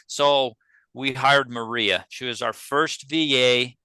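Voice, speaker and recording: A man's voice: mid-range voice, normal speed, sharp tone, clear, resonant tone, no echo, rough recording. A man, a podcast guest telling a business story casually and acting out the dialogue he quotes. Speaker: podcast guest, pest control business owner.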